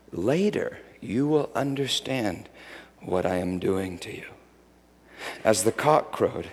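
A middle-aged man preaching a sermon, moving between loud shouted lines and quiet whispers. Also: mid-range voice. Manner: dramatic swings from shouting to hushed whispers. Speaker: pastor. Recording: long hall reverb.

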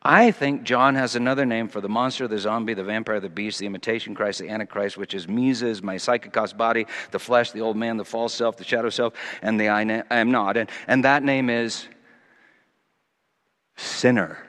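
A man's voice: lowish voice, steady tone, normal speed. Preacher man in a reverberant hall. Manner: swings from quiet musing to loud emphatic reading. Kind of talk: sermon.

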